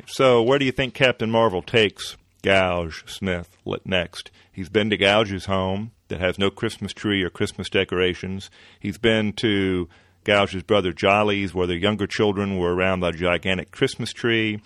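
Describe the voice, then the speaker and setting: A man hosting a podcast, retelling an old comic-book story in a relaxed way with many fillers. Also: sits low, a little slow, no echo, clean studio sound. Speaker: podcast host.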